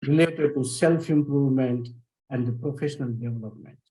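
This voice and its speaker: A man's voice: medium pitch, fairly quick, dark tone, rough recording. A man on a webinar panel making points in clipped, emphatic phrases. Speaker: panelist giving closing comments.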